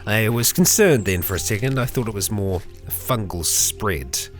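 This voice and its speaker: A man's voice: fairly low pitch, animated, moderate pace, soft background music. A young man hosting a let's play, chatting casually through the game and talking to the characters on screen. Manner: chatty, talks to game characters, bursts into mock fury and laughter.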